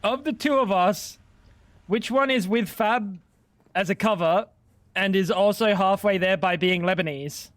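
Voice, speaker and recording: A man's voice: high-pitched, unhurried, no room sound. A man, chatting crudely and rambling as he jokes with his livestream chat. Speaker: streamer. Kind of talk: casual gaming livestream chat.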